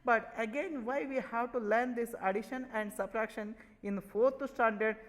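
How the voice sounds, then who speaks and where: A man's voice: very high voice, fairly even intonation, normal speed, a bit bright, in a large hall, poor audio. A man with an Indian English accent teaching a maths lesson, repeatedly asking questions and answering them himself. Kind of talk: online classroom lesson.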